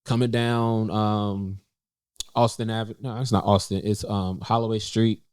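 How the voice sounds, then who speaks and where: A young man speaks in a low, smooth, resonant voice, recorded close and dry with no room sound. He talks casually and haltingly, full of fillers and restarts. He lifts his pitch when he quotes himself. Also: little pitch movement, a little mellow, dry recording. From North Carolina, USA. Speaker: podcast co-host sharing a personal story. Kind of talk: casual heartfelt conversation. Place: indoors in a cafe.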